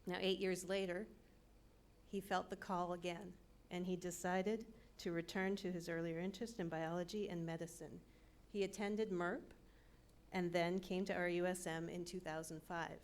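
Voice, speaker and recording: Lower-voiced woman introducing a speaker. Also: flat delivery. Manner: reads a speaker biography, slightly halting. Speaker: department chair introducing speaker. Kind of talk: formal introduction.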